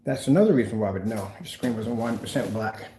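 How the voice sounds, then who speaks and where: A man's voice: lowish voice, animated, fast, reverberant, very noisy. A man who owns a small business, talking in a casual vlog demonstration in an emphatic, repetitive way.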